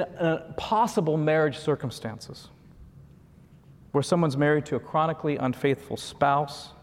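A man's voice: on the high side, darkish tone. A man giving a conversational sermon, with frequent asides and chuckles. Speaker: preacher. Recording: long reverb of a large hall.

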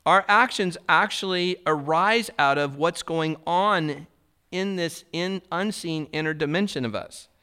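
A man's voice: on the high side, unhurried, sharp tone, clean tone. A man preaching a sermon as a pastor, reflective and conversational, asking his listeners rhetorical questions.

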